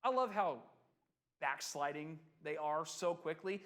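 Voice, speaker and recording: A man leads an adult Bible class, talking it through with the group and throwing questions at them. His voice sits high and moves a lot, rising and falling with real life. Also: measured pace. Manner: animated, conversational, asks the class questions.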